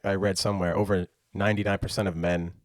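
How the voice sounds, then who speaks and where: A man co-hosting a casual sports podcast, chatting in a quick, offhand way. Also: deep voice, flat delivery, no room sound, studio quality. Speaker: podcast co-host.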